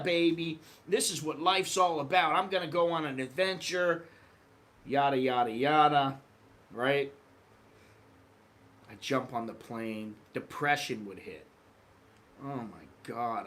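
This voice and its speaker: A middle-aged American man telling travel stories in a casual vlog monologue, acting out quoted voices. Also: fairly high pitch. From United States. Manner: animated, acts out quoted voices. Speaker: vlogger.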